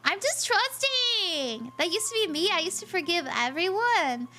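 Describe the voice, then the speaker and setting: A woman's voice: very high voice, sing-song, unhurried, bright, forceful tone. A woman tarot-reading streamer chatting casually with her chat, joking and laughing often.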